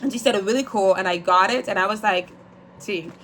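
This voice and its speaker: Fast-talking candid young woman vlogger. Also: mid-range voice, fairly bright tone, a little hiss or hum. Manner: candid and rambling, swears casually. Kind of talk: casual chat to camera, as if on the phone.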